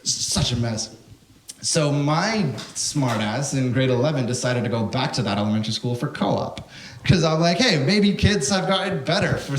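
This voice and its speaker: A man's voice: mid-range voice, a little hiss or hum. A young man doing a stand-up comedy set, telling stories animatedly and swearing a lot while he acts out the people in them. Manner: animated storytelling, heavy swearing, acts out characters. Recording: echoey room with live audience. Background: audience crowd.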